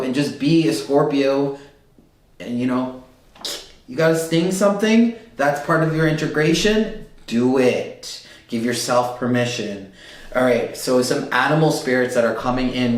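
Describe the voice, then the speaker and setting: A man's voice: medium pitch, recorded from a distance. A man giving a casual astrology reading, loose and emphatic, often checking in with "okay?". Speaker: tarot reader. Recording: very echoey room, voice set back from the mic.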